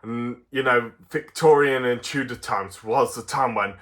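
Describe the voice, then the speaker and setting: Bright-voiced rambling English man. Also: medium pitch, unhurried. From England. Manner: rambling, full of fillers and restarts, chuckles often. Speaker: toy reviewer. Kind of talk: casual video review.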